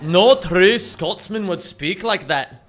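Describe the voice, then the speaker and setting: A man's voice: high-pitched, animated, takes it slowly, fairly bright tone, full character voice. A man putting on a hammy Scottish brogue. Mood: mock-proud. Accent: put-on Scottish. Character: mock-proud Scotsman, jokey and theatrical.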